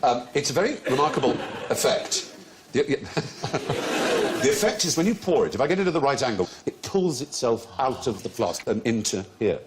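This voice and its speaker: A man's voice: medium pitch, normal speed, very noisy. A middle-aged man hosting a comedy quiz show, explaining odd facts with relish and laughing often. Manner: lively, erudite, laughing often. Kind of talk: witty panel-show hosting.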